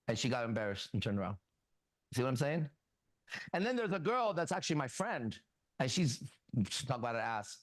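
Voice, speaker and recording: A man hosting a casual talk show, coaching a younger man bluntly and profanely and telling animated stories with quoted dialogue. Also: medium pitch, fast, no echo. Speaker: host. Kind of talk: casual advice talk and storytelling.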